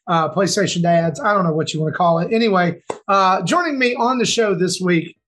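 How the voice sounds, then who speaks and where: A man's voice: sits high, a little fast, a bit bright. A man from the Southern United States hosting a podcast, loose and rambling in casual banter. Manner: loose, rambling, friendly with fillers. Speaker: podcast host.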